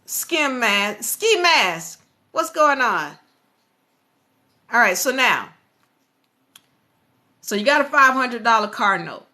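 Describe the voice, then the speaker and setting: A woman hosting a motivational live stream, talking in an animated, preachy way and speaking straight to her viewers. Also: on the high side, slow pace, pauses often.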